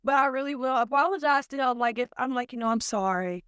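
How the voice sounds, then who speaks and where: A woman's voice: high-pitched, fast talker, a bit bright, clean tone, no room sound. A woman from Cincinnati hosting a casual podcast chat between moms, chatty and laughing often. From Cincinnati, Ohio. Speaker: podcast host.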